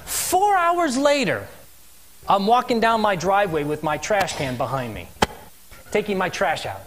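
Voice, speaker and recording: A man telling his missionary story as a sermon testimony in a church, animated and asking the congregation questions. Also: high-pitched, measured pace, background noise. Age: adult with three children. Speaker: missionary speaker.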